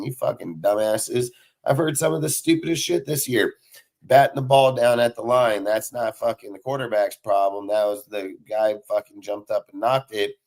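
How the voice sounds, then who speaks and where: A man's voice: fairly low pitch, a little mellow. A man hosting a casual sports talk show, ranting heatedly and swearing constantly. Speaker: podcast host.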